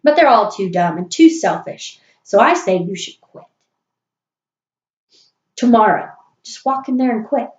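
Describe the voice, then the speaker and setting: A woman's voice: on the high side, expressive, measured pace, pauses often, a little mellow. A woman voicing an impatient, fed-up wife who rants scornfully. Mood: ranting. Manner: ranting, scornful, emphatic. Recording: roomy, dull recording.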